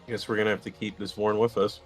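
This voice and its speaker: A man's voice: lowish voice, level tone, fast, soft background music. A young man playing a tabletop game, wry and casual, swearing often. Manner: wry, swearing, laughing along. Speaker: player.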